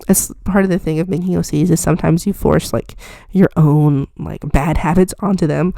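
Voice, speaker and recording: A woman's voice: lowish voice, vocal fry, warm tone, dry recording. A young woman chatting casually while she draws, rambling and self-deprecating with lots of fillers. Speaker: art vlogger. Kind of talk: casual chat while drawing.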